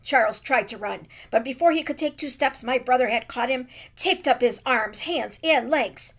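A woman teacher reading a children's novel aloud with expressive, dramatic emphasis. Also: a little high, normal speed.

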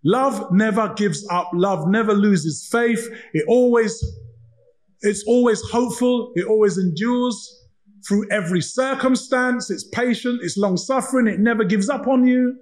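Very high-voiced pastor preaching. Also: male voice, unhurried, rough recording. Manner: animated storytelling, acting out dialogue. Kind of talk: sermon.

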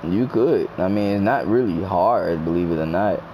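A young man chatting casually while gaming with friends, excitable, swearing, often shouting and laughing into a headset mic. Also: low voice, moderate pace, noisy background. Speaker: gamer streamer.

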